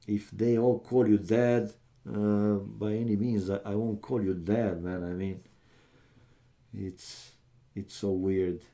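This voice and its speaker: A young man talks with his stream viewers in an easy, unhurried way. His voice sits fairly low and has a dark, mellow tone. He moves between small talk with viewers and commentary on the match. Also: little pitch movement. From Romania. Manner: chatty, talks straight to viewers, calls them "man". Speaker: live streamer casting a strategy game. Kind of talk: casual live-stream chat and match commentary.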